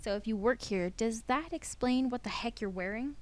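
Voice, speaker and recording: A woman's voice: fairly high pitch, normal speed, lightly acted. A woman playing a bubbly college girl. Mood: teasing. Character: cheerful young college woman, snack lover.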